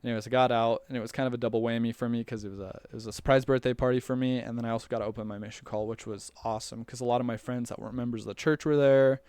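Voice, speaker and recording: A young man tells a personal story in a loose, rambling way, full of fillers and restarts. His voice sits at a middle pitch and comes through smooth and clear. The sound is dry and close. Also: steady tone, very fast, few pauses, darkish tone, dry recording. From United States. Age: young adult. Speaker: returned missionary telling his story.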